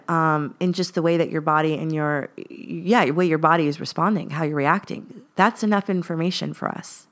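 Podcast host, female, earnest and reflective, casual confessional talk. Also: on the low side. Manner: earnest, lots of fillers, rising emphasis.

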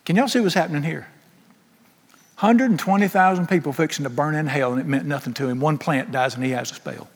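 Animated preacher in a reverberant hall. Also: male voice, on the high side, fairly quick. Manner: animated, joking, rhetorical questions. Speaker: pastor. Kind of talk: sermon.

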